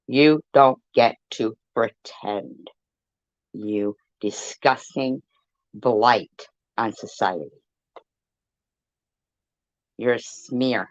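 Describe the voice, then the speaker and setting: A man delivering a profane, taunting rant straight to the camera, slow and deliberate. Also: fairly low pitch, no echo, dull audio.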